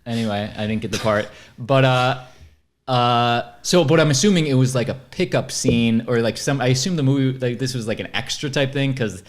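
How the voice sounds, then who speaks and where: A man's voice: mid-range voice, moderate pace. A man co-hosting a podcast in casual chat, telling a story and laughing at himself. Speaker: podcast co-host.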